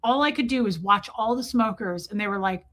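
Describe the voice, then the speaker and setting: A woman hosting a livestream, telling a wild story to her chat in an animated way, full of "like" and swearing. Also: mid-range voice, brisk. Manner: animated, lots of "like" fillers and cursing. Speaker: livestream host. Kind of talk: casual storytelling to a live chat.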